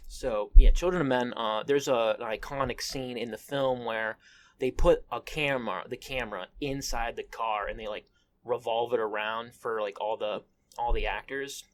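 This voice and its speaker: A man's voice: medium pitch, fairly bright tone. A young man hosting a casual solo podcast, groggy and coughing after just waking up, rambling and restarting his sentences. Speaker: podcast host.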